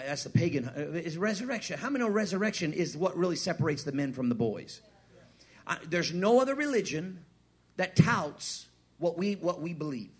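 A man preaching a sermon, asking the crowd questions, repeating his words and swinging from hushed to loud. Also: a little high, breathy edge. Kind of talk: sermon with a personal story.

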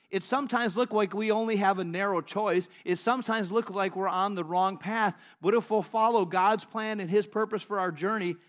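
Animated high-voiced man preaching. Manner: animated, laughing, storytelling. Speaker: pastor. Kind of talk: sermon.

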